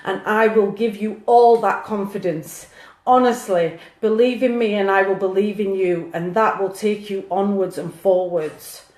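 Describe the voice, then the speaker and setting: A woman's voice: medium pitch, steady tone, a little slow, a little mellow, roomy sound. A woman doing a live-streamed psychic reading, earnest and emotional, talking to viewers by name. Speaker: psychic medium.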